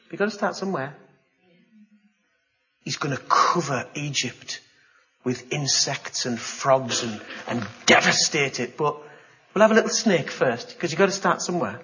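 A man delivers a sermon with a bright, forceful voice, dramatising the story with gasps and exclamations. He talks to his congregation like a storyteller. The recording is slightly dull and lo-fi. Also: mid-range voice. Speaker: pastor.

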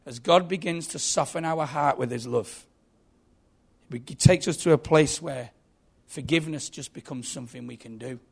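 A man's voice: on the high side, moderate pace, gravelly, slightly rough. A man preaching a sermon, earnest and emphatic, telling a story.

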